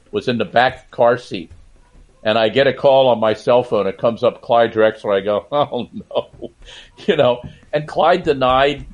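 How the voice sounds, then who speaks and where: An older man guesting on a podcast interview. He tells long anecdotes in a relaxed, conversational way, often laughing through the punchlines. His pitch sits at an average male level. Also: dull audio. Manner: anecdotal, laughs while telling stories. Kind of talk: casual interview storytelling.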